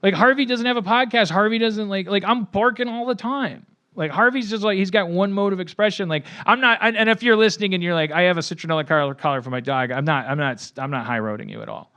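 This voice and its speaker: A man hosts a podcast and spins a long, meandering anecdote, cursing freely and mocking himself as he goes. His voice is bright and a little high for a man, and he keeps restarting his sentences as he talks. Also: fast talker, smooth. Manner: rambling, profane, self-mocking, many restarts. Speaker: podcast host. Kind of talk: casual rambling storytelling.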